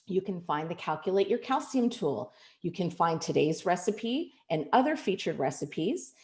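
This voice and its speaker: A woman's voice: lowish voice, very animated, normal speed, a little mellow. A woman moderating an online webinar over a video call, upbeat as she thanks people and reads out announcements. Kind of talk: hosting a webinar. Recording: echoey room.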